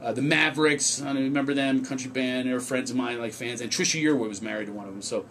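A man's voice: mid-range voice, steady tone, quick pace, fairly bright tone, a little hiss or hum. A male comedian telling funny stories in casual radio chat, acting out quotes in raised voices. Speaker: comedian guest.

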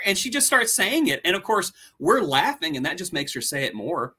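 Male co-host in his forties, animated, enthusiastic storyteller, bright and slightly high. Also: moderate pace, few pauses, husky. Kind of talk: casual storytelling chat.

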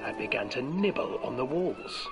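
A man narrating a dark fairy tale in a slow, theatrical storytelling voice. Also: on the high side, huge pitch swings. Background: music.

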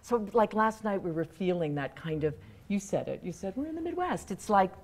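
A woman, a stage actress, talking in a TV studio interview in an animated, rambling way that breaks off and restarts. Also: lowish voice, moderate pace.

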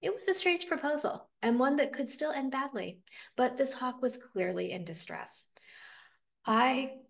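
A woman reading a picture book aloud with expressive, dramatic storytelling. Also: high-pitched, moderate pace, gravelly. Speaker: storybook reader.

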